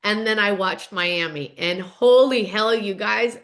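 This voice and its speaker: A woman hosting a casual reality-TV recap, telling the drama in a gossipy, animated way. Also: mid-range voice, a little slow. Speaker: host.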